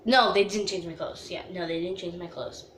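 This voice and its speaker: A young woman telling a storytime vlog, chatty with lots of "like", dramatically reenacting herself wailing in a high voice. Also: fairly even intonation, normal speed, echoey room, background noise. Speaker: vlogger.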